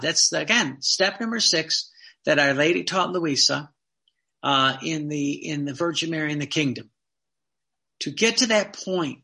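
High, bright-voiced man preaching. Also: vocal fry. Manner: emphatic, with rhetorical questions and repeated phrases. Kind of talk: devotional teaching talk.

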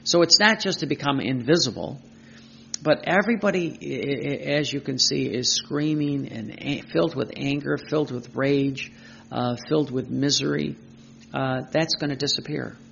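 A man's voice: mid-range voice, normal speed, vocal fry, bright, forceful tone, slight background noise. A man giving a devotional teaching talk, earnest, piling up lists and rhetorical questions. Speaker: preacher. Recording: dull lo-fi recording.

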